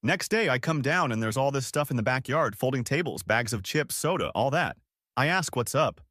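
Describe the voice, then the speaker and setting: A man's voice: mid-range voice, animated, moderate pace, a bit bright, dry recording, clean studio sound. A man in his twenties narrating his own story in a casual, slangy first-person style. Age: 20s. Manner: casual, slangy, spelled-out abbreviations.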